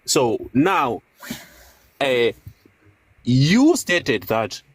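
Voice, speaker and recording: A man's voice: medium pitch, big pitch swings, very slow. A man from Zimbabwe arguing in a heated debate, repeating words and talking over the others.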